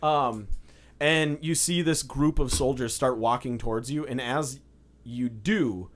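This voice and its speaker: A man's voice: mid-range voice, unhurried. A man running a tabletop game as dungeon master, narrating casually with lots of fillers.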